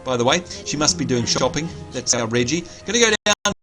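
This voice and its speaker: A man, co-hosting a live game stream and chatting excitedly to viewers. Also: mid-range voice, brisk. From New Zealand. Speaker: livestream co-host. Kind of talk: live gaming commentary. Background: game music.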